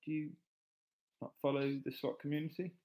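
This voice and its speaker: A man's voice: on the high side, steady tone, fairly quick, dark tone, rough recording. A man chatting casually on a live stream, reading viewer comments aloud and joking back. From England.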